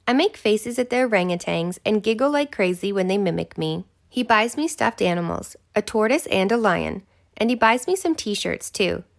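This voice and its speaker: A woman narrating a romance audiobook in the first person, with a breathless, intimate delivery. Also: mid-range voice.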